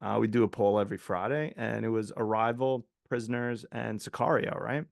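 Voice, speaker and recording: A man co-hosting a casual movie podcast, rambling with many fillers and sometimes getting excited. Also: lowish voice, fairly quick, vocal fry, no echo, clean studio sound. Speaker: podcast co-host.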